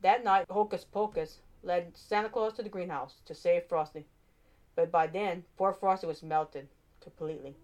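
A woman's voice: on the low side, moderate pace. Woman reading a storybook aloud. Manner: expressive, animated narration.

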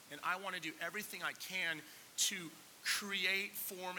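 A man's voice: a little high, bright, forceful tone. A man preaching a conversational sermon, asking the congregation questions and close to tears at times. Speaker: pastor. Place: church sanctuary. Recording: long hall reverb with faint hiss.

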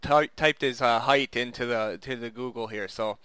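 A man's voice: mid-range voice, normal speed, a bit bright, clean tone, no echo. A man co-hosting a casual podcast chat, rambling with restarts and chuckling often. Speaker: podcast co-host.

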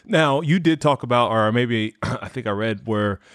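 A man's voice: mid-range voice, normal speed, no room sound, clean studio sound. A man hosting a podcast who asks his question hesitantly, searching for the words. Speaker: podcast host. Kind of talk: interview question.

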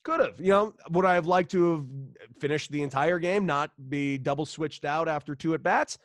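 A man's voice: fairly high pitch, normal speed, no room sound. A man from Los Angeles, a former baseball player, telling a story in a casual interview, acting out the dialogue and swearing freely. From Los Angeles, United States.

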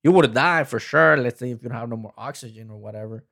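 A man rants at length in a loose, meandering way, his speech packed with swearing. He often stops mid-phrase and restarts, drifting from one thought to the next at a middling pitch for a man. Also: quick pace, creaky. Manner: rambling, swears constantly; animated, restarts and trails off. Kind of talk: casual rant.

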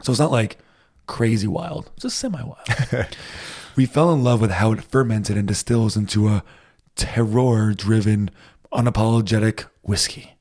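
A man's voice: on the low side, normal speed, a little mellow. A man from Rhode Island co-hosting a podcast, chatting casually and laughing often. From Rhode Island, United States. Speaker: podcast co-host. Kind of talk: casual chat.

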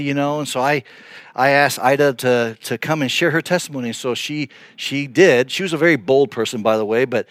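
A middle-aged male pastor telling a story in a sermon, earnest and animated, with frequent restarts. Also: a little high, dry recording, clean studio sound.

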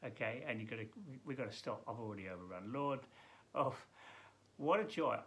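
A man as pastor giving an earnest daily Bible devotional, emphatic and halting with frequent restarts. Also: medium pitch, a bit bright.

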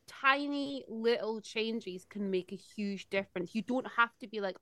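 Bright-voiced female podcast co-host. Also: fairly high pitch, a little slow, no echo. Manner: eager, explaining from her own experience. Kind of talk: casual podcast chat.

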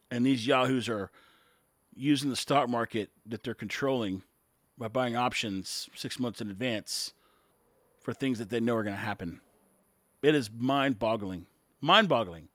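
A man's voice: on the high side, a bit bright, no echo, studio quality. An American man and business owner ranting bluntly about politics to camera, exasperated and emphatic. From United States. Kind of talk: casual political rant to camera.

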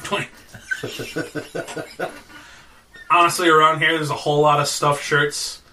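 A man's voice: on the high side, little pitch movement, takes it slowly, bright, forceful tone, recorded from a distance. A man narrating as game master of a tabletop game, laid-back and chuckling. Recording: echoey room from afar.

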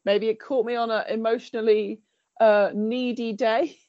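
A woman's voice: a little high, steady tone, normal speed, warm tone, no echo, muffled recording. A woman giving a wry, jokey take on TV shows as a podcast panelist. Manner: wry, jokey, laughs between remarks. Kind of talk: casual review chat.

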